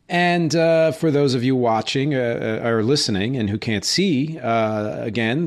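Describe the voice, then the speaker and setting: A man hosting his own podcast in a casual solo monologue, talking in a chatty, rambling way with lots of fillers and self-corrections. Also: medium pitch. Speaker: podcast host.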